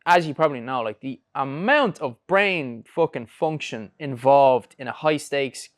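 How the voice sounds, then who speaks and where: A man's voice: mid-range voice, expressive, a little slow. A man, chatting casually as a podcast guest, rambling with fillers and swearing freely. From Ireland. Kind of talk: casual chat.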